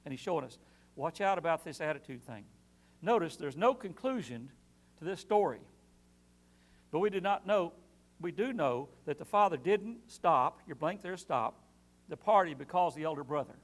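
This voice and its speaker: A man's voice: on the high side, expressive, moderate pace. A man teaching a Sunday Bible class in an earnest way, repeating key phrases for emphasis.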